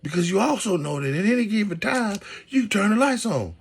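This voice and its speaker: A man in his thirties hosting a casual podcast monologue, animated and preacherly, talking straight to his listeners. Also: high voice, a little fast, few pauses, breathy edge. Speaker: podcast host.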